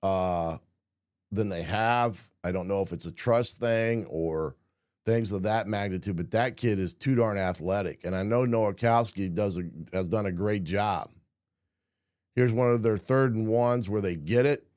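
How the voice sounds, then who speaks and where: A hoarse man hosting a casual football film breakdown, often clearing his throat and filling pauses with "uh" and "um". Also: fairly low pitch, a little mellow, dry recording, clean studio sound. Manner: frequent throat clearing, many fillers. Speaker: football analyst host.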